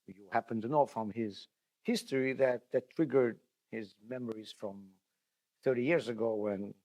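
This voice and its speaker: Animated rabbi teaching with lively pitch. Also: male voice, gravelly. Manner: animated, storytelling, repeats and restarts words, addresses listeners directly. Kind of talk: spoken Torah lesson.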